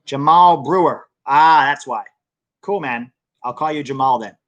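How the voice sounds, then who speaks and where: A man's voice: mid-range voice, unhurried, a bit bright, no room sound, dull audio. A young American man hosting a soccer channel live stream, chatting casually and answering viewer comments. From United States.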